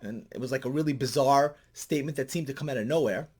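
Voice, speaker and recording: A middle-aged man, a counselor, giving commentary in a vlog and telling stories animatedly, his voice climbing high when he gets excited. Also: fast, husky.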